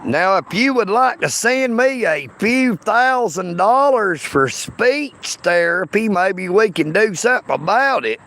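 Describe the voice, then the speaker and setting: A man's voice: high-pitched, expressive, a little slow, vocal fry, hardly any pauses, fairly bright tone, slight background noise. A man with a Southern US accent livestreaming from inside a car, greeting his chat viewers by name in an easygoing drawl. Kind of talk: casual live stream chat.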